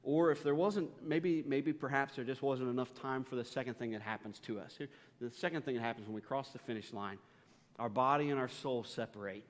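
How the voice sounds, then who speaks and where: A man's voice: medium pitch, a little fast, in a large hall. A man, a pastor, preaching a sermon with humorous, self-deprecating stories.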